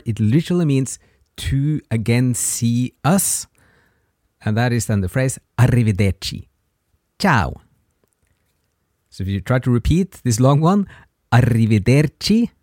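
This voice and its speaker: A man's voice: no echo, clean studio sound. A man hosting a language podcast, patiently teaching basic Italian greetings. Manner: slow, patient, lively pitch when modeling words. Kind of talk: slow language lesson.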